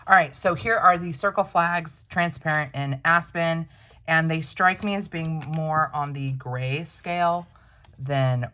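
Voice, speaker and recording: A woman with a notably low voice chats through an unboxing. She muses aloud, asks herself quick questions and answers them, in an easygoing vlog manner. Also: a bit bright. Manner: chatty, thinks aloud, self-questioning asides. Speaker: planner unboxing vlogger. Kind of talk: casual unboxing chat to camera.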